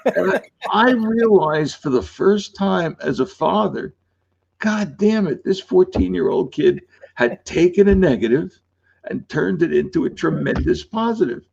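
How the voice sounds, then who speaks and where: A man's voice: sits high, expressive, unhurried, creaky, darkish tone, breathy edge, highs cut off. An older man, an author guest in a casual interview, telling rambling anecdotes and laughing often.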